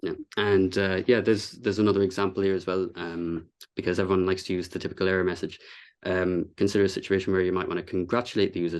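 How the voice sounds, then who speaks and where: A man's voice: low voice, little pitch movement, quick pace. A man giving a casual presentation on content design to a meetup audience, explaining at an easy pace with frequent fillers and restarts.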